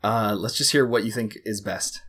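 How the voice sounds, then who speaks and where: A man in his twenties from the United States, an easygoing podcast guest talking filmmaking with measured pauses. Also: lowish voice, fairly bright tone, slightly rough. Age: 20s. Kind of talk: casual interview chat.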